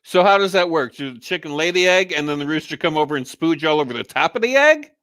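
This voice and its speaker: A man's voice: a little high, expressive, fast talker, fairly bright tone, no echo. A man co-hosting a call-in show in casual chat, blunt and profane, often joking. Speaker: co-host.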